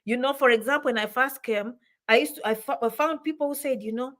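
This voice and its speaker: A woman's voice: on the high side, fast, fairly bright tone. A woman giving motivational immigration advice, emphatic and repeating phrases for stress, sometimes mixing in Swahili words.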